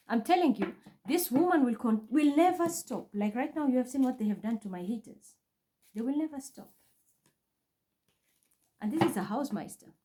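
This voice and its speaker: This woman's voice sits on the high side and carries a dark tone. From her home, she vlogs as a spiritual reader, pouring out an intense, accusatory, repetitive monologue straight to the camera.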